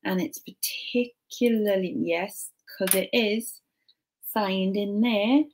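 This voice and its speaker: A young woman casually chatting to a live stream while sorting jewellery, muttering soft asides to herself. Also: medium pitch, fairly even intonation, takes it slowly, slight background noise.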